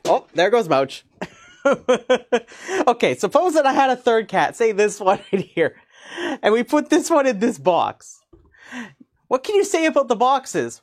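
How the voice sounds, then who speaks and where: A woman teacher with a mid-range voice explains a math idea in a casual, chatty lesson. She laughs often and gets excited as she goes.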